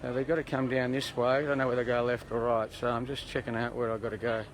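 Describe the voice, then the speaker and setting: Out on a city street at a protest, an Australian livestreamer chats loosely with his audience, wandering off topic with jokey comments. He talks quickly in a flat, medium-pitched voice over noisy street sound.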